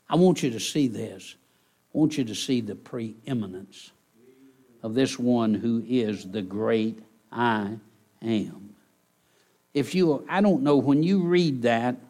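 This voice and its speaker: A middle-aged man preaching a sermon, emphatic and repetitive, slowing down on key words and surging in volume. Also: on the high side. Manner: emphatic, repetitive preaching with dramatic slowdowns and surges.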